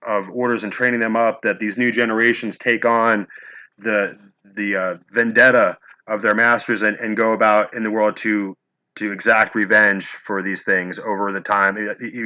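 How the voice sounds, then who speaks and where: A male host who asks long questions and pauses often to search for his words, recorded on muffled, lo-fi audio. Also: on the low side, flat delivery, pushed and bright. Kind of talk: interview questions. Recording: dull lo-fi audio.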